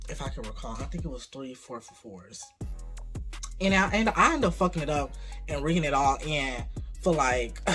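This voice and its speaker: A young adult vlogger telling a casual story about their first job, cursing freely and getting animated. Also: mid-range voice.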